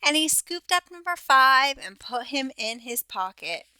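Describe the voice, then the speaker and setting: A teacher reading a children's storybook aloud, slowly and expressively. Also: female voice, high-pitched, big pitch swings, pushed and bright, smooth, no echo.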